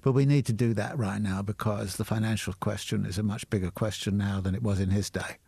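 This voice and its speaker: An older male scholar gives relaxed, thoughtful answers, often stopping and restarting mid-thought. His voice is low and gravelly with plenty of fry. The recording is dry and close. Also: no room sound. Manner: thoughtful, halting restarts, easy laughter. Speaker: guest scholar.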